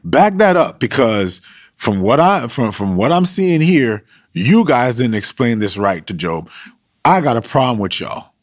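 A preacher putting on a brash slangy challenger. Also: male voice, medium pitch, big pitch swings, measured pace, no room sound, studio quality. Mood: confrontational. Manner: slangy, confrontational, scolding. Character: brash streetwise young male challenger.

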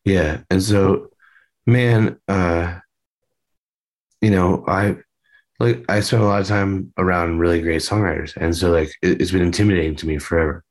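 A man's voice: low-pitched, normal speed. A man, a band member, chatting loosely in a video-call interview, rambling with lots of fillers and the odd swear.

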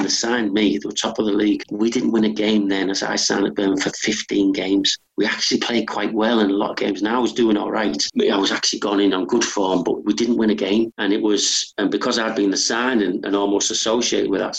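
A middle-aged former footballer, telling stories in a rambling, humble, self-correcting way during an interview. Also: male voice, on the low side, steady tone, fairly quick, vocal fry, hardly any pauses, low-quality recording. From England. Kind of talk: conversational interview storytelling.

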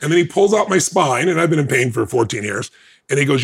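Male guest, fast and emphatic, higher-pitched, acts out quotes. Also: animated, vocal fry, slightly rough. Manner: acts out others' lines in changing voices; emphatic, laughs between lines. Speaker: podcast guest. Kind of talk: animated personal storytelling.

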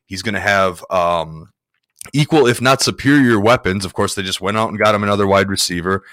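Guy rambling about football picks, low-ish voice, quick, dead dry sound. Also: fairly bright tone, no room sound. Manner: rambling with many fillers. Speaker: podcast co-host. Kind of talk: casual sports betting chat.

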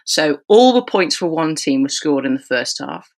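A woman, a rugby referee, telling a podcast anecdote in an animated way and acting out the dialogue. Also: deep voice, normal speed.

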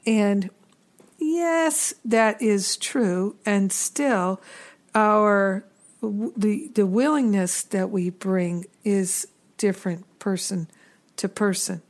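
A middle-aged woman hosting a reflective spiritual teaching talk, earnest and unhurried, with gentle self-deprecating asides. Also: mid-range voice. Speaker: spiritual teacher and podcast host.

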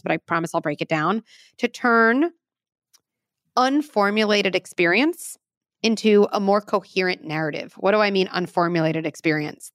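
A woman in her thirties, a parenting expert explaining advice in an interview with earnest, lively examples. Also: mid-range voice, dry recording, clean studio sound.

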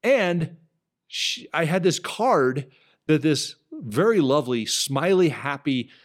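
A man hosting a business podcast, telling a story in an animated, emphatic way. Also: a little high, slow pace. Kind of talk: storytelling monologue.

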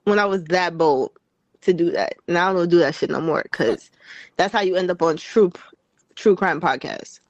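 A woman's voice: lowish voice, moderate pace, no echo, muffled recording. A woman co-hosting a podcast, telling candid stories with slang in casual banter. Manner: candid, animated storytelling with slang. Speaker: podcast co-host.

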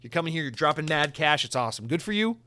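Brief: American man, solo podcast host, lively and profane, rambles and restarts, a bit high-pitched. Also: fast. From United States. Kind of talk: casual solo podcast chat. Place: home in Orlando, Florida.

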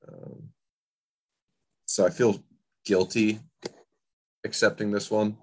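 Casting note: low-voiced man, relaxed wry sports podcast co-host. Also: slow, slight background noise. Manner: laid-back, wry, hesitant with fillers. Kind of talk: casual sports chat.

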